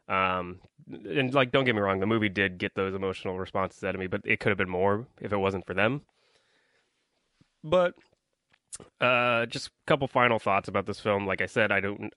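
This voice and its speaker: A man's voice: fairly low pitch, fairly bright tone, clean tone, no room sound. A young man hosting a solo podcast, rambling through a casual movie review with lots of ums and likes while complaining about his audience. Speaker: podcast host.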